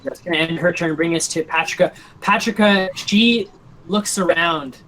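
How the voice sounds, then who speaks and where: A man's voice: on the high side, normal speed, bright, forceful tone, slight background noise, low-quality recording. A young man narrating a tabletop game as game master on a voice call, rambling with lots of ums and likes.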